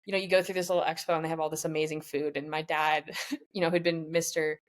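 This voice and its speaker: A woman's voice: low-pitched, flat delivery, fast. A woman in her twenties, a professional triathlete, chatting candidly in an interview and retelling a tough race while quoting herself and others along the way. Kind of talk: casual storytelling in a podcast interview.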